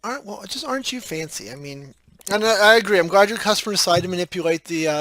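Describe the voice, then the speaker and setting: A man's voice: sits high, animated, quick pace, sharp tone. A man co-hosting a tech podcast, easygoing and teasing in casual chat. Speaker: podcast co-host.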